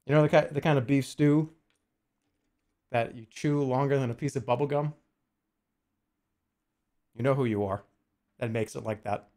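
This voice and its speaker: A man's voice: medium pitch, steady tone, moderate pace, pauses often, a little mellow. A man streaming casually, joking and swearing freely, arguing with his chat and muttering while he works on a jigsaw puzzle.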